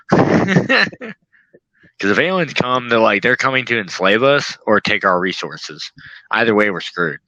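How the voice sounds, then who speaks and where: A young man chatting casually as a podcast guest, his voice bright and forward and somewhat low for a man. He laughs a lot and slips into quick voices to act out how he reacted. It sounds dry and close, with no room around it. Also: big pitch swings, no room sound, muffled recording. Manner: laughs often, acts out his own reactions. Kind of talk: casual chat.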